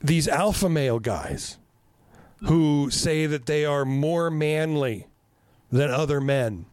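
Man, 50s, podcast host, swears a lot, animated storyteller, slightly high voice, dry close sound. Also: slow pace, no echo. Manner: profane, animated storytelling with self-mocking laughs. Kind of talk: casual podcast chat.

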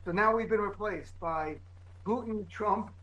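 A man co-hosting a political talk show as a comedian, talking in emphatic, heated bursts and rapid-fire lists. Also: high voice, a bit bright, dull audio, a little hiss or hum. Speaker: comedian and co-host. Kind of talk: political commentary chat.

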